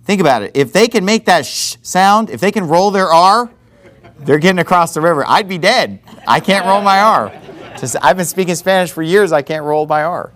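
Animated male preacher, high-pitched. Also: some chatter behind. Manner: conversational with quick asides and self-corrections. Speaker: pastor. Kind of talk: sermon.

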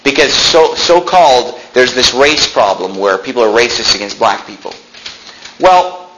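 A man pastor preaching a sermon in a church, talking conversationally and breaking into animated outbursts. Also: mid-range voice, moderate pace, slight background noise, poor audio. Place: church sanctuary.

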